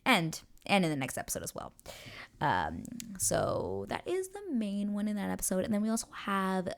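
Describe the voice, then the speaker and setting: A young woman hosting a casual reaction recap, excitedly retelling scenes, swearing freely and acting out the characters' lines. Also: medium pitch, moderate pace. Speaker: show reaction host.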